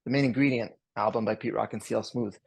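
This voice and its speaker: Gravelly French Canadian man chatting. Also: lowish voice, fast talker, no room sound. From Canada, Montreal. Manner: rambling and relaxed, many fillers and restarts. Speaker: guest DJ. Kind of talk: casual podcast chat.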